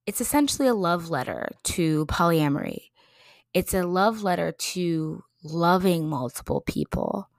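A woman's voice: fairly low pitch, gravelly, no echo, clean studio sound. Effusive young woman podcast host. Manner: effusive and emotional, swinging between excited bursts and slow soft passages. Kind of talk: casual chat.

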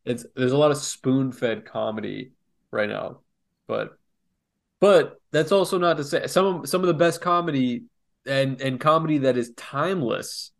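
A man's voice: medium pitch, lively intonation, normal speed, vocal fry. A young man co-hosting a casual podcast, rambling and reflective, often restarting his sentences. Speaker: podcast co-host, comic artist.

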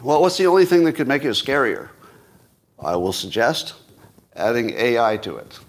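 A man's voice: mid-range voice, lively intonation, moderate pace. A man in his sixties hosting a solo commentary show, rambling and self-mocking with frequent chuckles. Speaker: podcast host.

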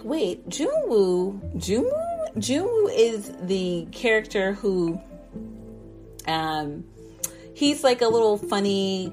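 A woman's voice: fairly low pitch, darkish tone. Chatty woman recapping with fillers. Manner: enthusiastic, rambling with many fillers. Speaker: drama reviewer. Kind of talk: casual episode recap.

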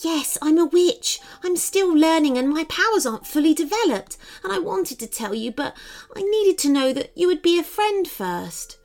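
A woman voicing a shy, polite young schoolgirl witch with a put-on English accent, speaking in a proper, hushed way. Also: very high voice, expressive, normal speed, pitched above the performer's own voice. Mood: earnest. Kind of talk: children's storybook reading.

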